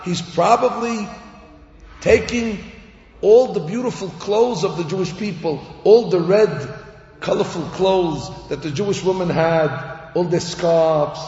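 A man's voice: sits high, measured pace, darkish tone. A man preaching a storytelling sermon, acting out characters and crying sounds as he teaches. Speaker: rabbi or Torah teacher. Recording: echoey hall, dull lo-fi sound.

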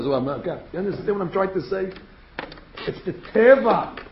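A man's voice: high voice, expressive, brisk, a little hiss or hum. A man preaching a sermon as a rabbi, firing rhetorical questions and acting out quotes. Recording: echoey room, dull sound.

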